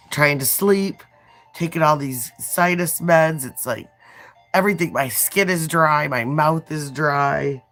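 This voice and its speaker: A woman in her thirties with a Midwestern accent talks casually on a livestream, her voice low and stuffed up from a sinus cold. She rambles in a chatty way and pokes fun at herself. Faint music plays underneath. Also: a bit bright. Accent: Midwestern American. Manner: rambling and chatty with self-deprecating asides. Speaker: nail art livestreamer.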